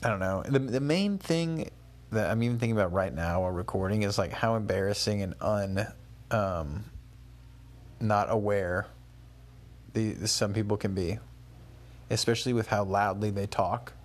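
A man's voice: on the low side, moderate pace. A young man talking through his day as a casual spoken travel diary, rambling and conversational, with many fillers and restarts. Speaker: travel vlogger.

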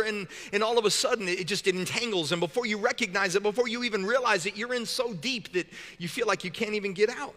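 A man's voice: high voice, quick pace, few pauses, pushed and bright, long reverb tail. A man preaching a sermon as pastor, talking in a casual, joking way with frequent stumbles and restarts. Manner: conversational and joking, with many repeated restarts.

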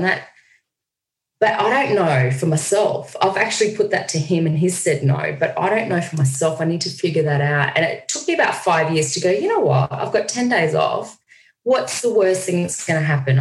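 A woman, a guest on a video call, telling stories in a lively way and acting out what people said. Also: low voice. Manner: animated storyteller, acts out quoted lines. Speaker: guest speaker. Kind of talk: casual video-call conversation. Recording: echoey room.

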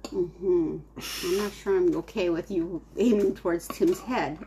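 A woman's voice: lowish voice, steady tone, unhurried, noisy background. A middle-aged woman, a mother, chatting playfully at the family dinner table, laughing often and slipping into silly voices. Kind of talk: casual family chat.

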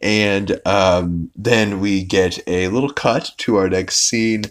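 Speaking slowly in a deep voice with fairly even intonation, a young podcast host recaps an episode. His delivery is loose and rambling, packed with fillers and false starts.

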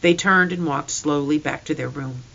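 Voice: mid-range voice, normal speed, gravelly, fairly bright tone, muffled recording. A reader narrating a storybook in first person with an earnest, emotional delivery.

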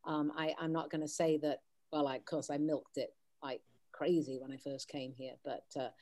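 A woman's voice: low voice, flat delivery, normal speed, dark tone. A middle-aged woman from the Wirral with a light Scouse accent touched by American, chatting casually as a guest. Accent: light Scouse mixed with American. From the Wirral, England. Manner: chatty and self-deprecating, with many restarts. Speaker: podcast guest; English teacher. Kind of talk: casual chat.

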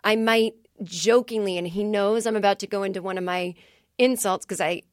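Woman comedy writer, podcast guest. Rapid, rambling storyteller who acts out quotes. Dry booth sound. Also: mid-range voice, steady tone, no room sound. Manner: chatty, fast storytelling with many "like"s and acted-out quotes. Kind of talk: casual podcast interview.

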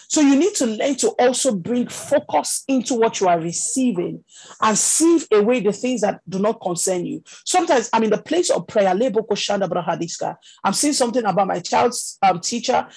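A woman's voice: fairly high pitch, darkish tone, breathy edge, low-quality recording. A woman teaching a prophetic ministry class over a video call, talking conversationally with many "you know" fillers. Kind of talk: teaching session.

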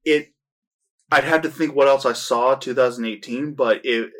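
A man chatting casually about movies on a podcast, eager and rambling, often restarting his sentences. His voice sits at a middle pitch for a man. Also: moderate pace, a bit bright. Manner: enthusiastic, rambling with restarts and laughs. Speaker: podcast co-host. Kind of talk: casual film review chat.

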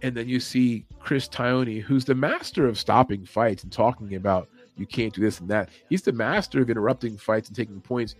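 A man hosting a late-night livestream, chatting loosely with his viewers and swearing freely, and now and then mimicking commentators with sudden yells and whispers. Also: medium pitch, a little fast, hardly any pauses. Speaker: podcast host. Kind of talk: casual livestream chat. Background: faint music playing.

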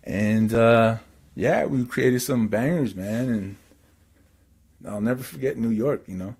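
A man from Canada telling a story in casual chat, excitable and rambling with lots of fillers. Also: medium pitch, slow, breathy edge.

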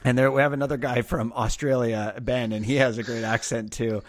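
A man's voice: medium pitch, fairly even intonation, brisk, slight background noise. A man hosting a podcast in a chatty, enthusiastic way, often laughing with his guest. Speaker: podcast host. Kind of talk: casual chat. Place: in Los Angeles.

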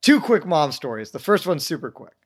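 A man's voice: a little high, very animated, fairly quick, slightly rough. A young man telling rambling, self-mocking stories in a casual chat, acting out the voices of people he quotes. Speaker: podcast guest telling stories.

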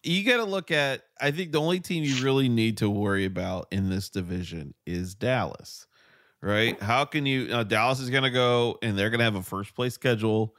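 A man with a mid-pitched voice hosts a casual sports chat, talking in a loose, rambling way full of fillers. The sound is dry and close, with no room echo. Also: expressive, normal speed, fairly bright tone. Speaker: sports talk host.

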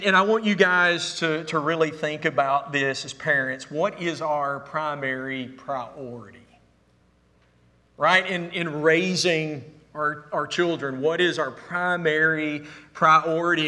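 A man's voice: on the high side, pushed and bright. A middle-aged man preaching a sermon, telling funny family stories. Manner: storytelling with humor, Southern "y'all". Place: church sanctuary. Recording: echoey hall.

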